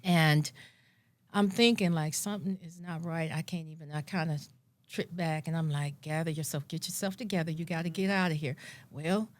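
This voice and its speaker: A woman telling her own story in a lively way, acting out her past thoughts. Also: low-pitched, moderate pace. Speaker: guest. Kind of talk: personal storytelling.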